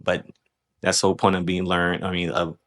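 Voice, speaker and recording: A man's voice: sits low, completely flat delivery, a little fast, fairly bright tone. A man casually breaking down footage of his own grappling match, loose and self-critical, often checking in with "right?".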